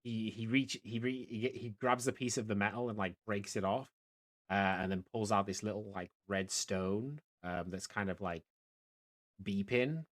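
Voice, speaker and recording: Low-voiced man narrating as game master. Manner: halting, many fillers and restarts. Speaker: dungeon master.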